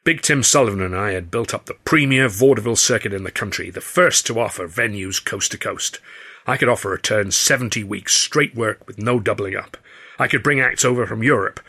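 A man voicing a burly, gruff vaudeville entrepreneur who growls, blusters and boasts. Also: medium pitch, pushed and bright.

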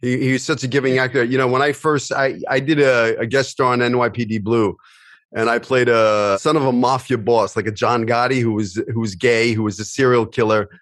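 A man hosting a casual interview, chatting and telling his own quick anecdotes, often saying "you know". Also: medium pitch, steady tone, fairly bright tone, no room sound, clean studio sound. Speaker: interviewer and actor.

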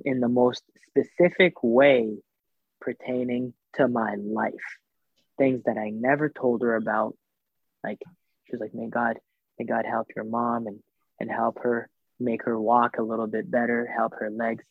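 A man's voice: medium pitch, gravelly, husky, no echo. Man telling a story over a phone-thin line. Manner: animated retelling with reported dialogue, many fillers. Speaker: guest telling a personal story. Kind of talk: casual conversational storytelling. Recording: thin phone-like dry sound.

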